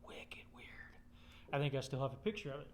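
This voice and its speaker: A man's voice: mid-range voice, lively intonation, rapid-fire, slight background noise. A man telling a rambling personal story in casual chat, swearing constantly.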